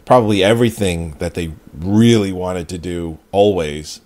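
A man co-hosting a casual movie review chat in a relaxed, matter-of-fact way. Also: low-pitched, normal speed. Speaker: podcast co-host.

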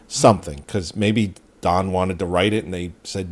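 A man co-hosting a casual movie review chat in a relaxed, matter-of-fact way. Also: low voice, moderate pace, few pauses. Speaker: podcast co-host.

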